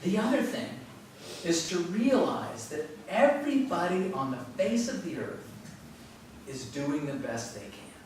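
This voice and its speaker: A man giving a relaxed, conversational spiritual talk to a yoga class, telling stories and chuckling often. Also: on the high side, unhurried. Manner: conversational, storytelling with frequent chuckles. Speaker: teacher. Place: yoga studio. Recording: very echoey room from far off, faint noise.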